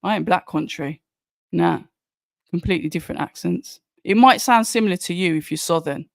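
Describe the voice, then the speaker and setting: A creaky, medium-pitched voice at a moderate pace belongs to a Birmingham, England watch-along host with a Brummie accent. He chats casually on a livestream, answering viewer comments with frequent restarts, in a dry, studio-quality recording.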